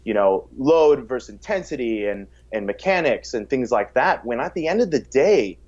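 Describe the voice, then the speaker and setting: Male guest for a podcast chat, mid-pitched and energetic, restarts his phrases a lot, slightly muffled recording. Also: moderate pace. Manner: energetic, repeats words when starting sentences; acts out quotes in a raised voice. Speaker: fitness coach, podcast guest. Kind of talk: casual podcast conversation. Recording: slightly dull podcast audio.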